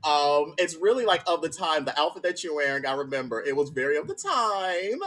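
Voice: mid-range voice, expressive, brisk, few pauses, background noise. An interviewer asking questions, enthusiastic and admiring toward the guest.

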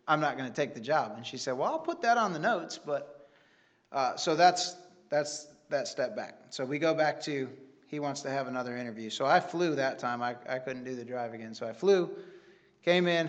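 A man's voice: fairly high pitch, a bit bright, dull audio. Earnest man giving a rambling testimony. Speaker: church member giving testimony. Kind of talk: sermon testimony.

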